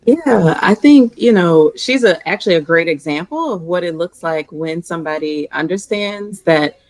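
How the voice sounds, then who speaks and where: A woman with a New Orleans Southern accent, answering interview questions as a guest psychologist in an articulate, measured way. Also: on the low side, expressive, no echo, low-quality recording.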